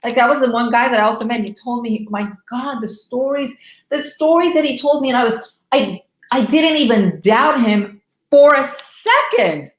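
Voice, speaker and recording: A middle-aged woman coaching divorced women on a live stream, emphatic and animated, speaking straight to her viewers. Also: on the high side, normal speed, echoey room, rough recording.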